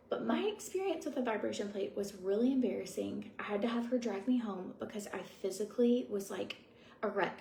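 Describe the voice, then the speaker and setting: A young adult woman who vlogs about beauty chats casually at home while doing her skincare routine. Her voice is medium-pitched and gravelly, and she rambles and confides with lots of fillers.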